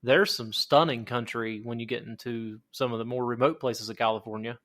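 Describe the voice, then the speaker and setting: A man's voice: mid-range voice, fairly even intonation, a little fast, a bit bright. A man with a Southern Ohio accent hosting a podcast, chatty and friendly, laughing often. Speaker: podcast host. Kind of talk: casual podcast interview.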